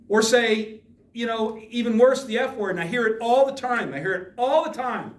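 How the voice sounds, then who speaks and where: With an extremely high, animated voice at normal speed, a man delivers an emphatic motivational speech to students in a school hall, peppering them with rhetorical questions. The echoey recording is taken from far away.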